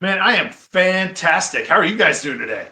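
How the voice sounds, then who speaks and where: A middle-aged man from the American Midwest tells stories as a guest, lively and eager. His voice is bright and forceful, sitting a bit high. The studio around him rings with echo. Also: moderate pace. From Iowa, US Midwest. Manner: animated, breaks into excited fanboy quotes. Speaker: guest wrestler. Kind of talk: storytelling interview. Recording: echoey studio room.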